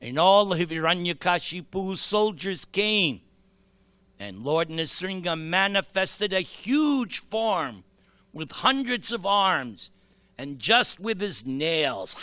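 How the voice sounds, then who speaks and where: Male temple speaker, slow dramatic storyteller, bright tone, dry sound. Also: high voice, sing-song, clear, resonant tone, no echo. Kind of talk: sermon storytelling.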